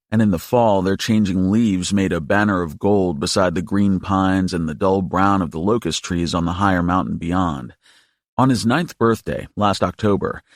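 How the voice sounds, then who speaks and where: A male audiobook narrator reads in a steady, measured way. His voice is low and husky. The recording is close and dry, with faint music behind. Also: dry recording. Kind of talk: scripted narration.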